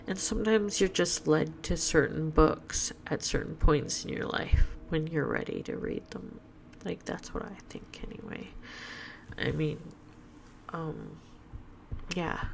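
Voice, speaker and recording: A woman with a tired voice rambling slowly through a casual home vlog, full of fillers and restarts. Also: lowish voice, creaky, a little hiss or hum. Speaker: vlogger. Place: at home, in her apartment. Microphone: webcam setup.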